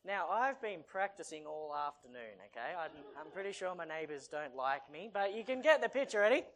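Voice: medium pitch, sing-song, a little fast, a bit bright. Chatty playful preacher. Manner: chatty and playful, joking with the audience. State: short of breath. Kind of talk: casual sermon with a Bible reading.

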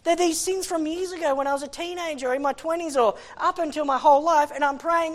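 A man's voice: extremely high pitch, fast talker, hardly any pauses. A man preaching a sermon in an impassioned, conversational way, often restarting his sentences.

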